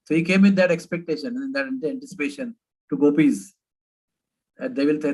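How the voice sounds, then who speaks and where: A man's voice: fairly high pitch, brisk, long pauses, husky, low-quality recording. A man giving a devotional storytelling lecture, conversational and hesitant with frequent fillers. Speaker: spiritual speaker.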